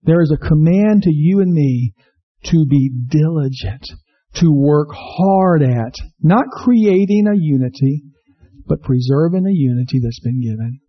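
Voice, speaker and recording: A man preaching an earnest sermon, repeating himself and asking the congregation questions. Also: measured pace. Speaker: pastor. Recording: slightly dull low-fidelity recording.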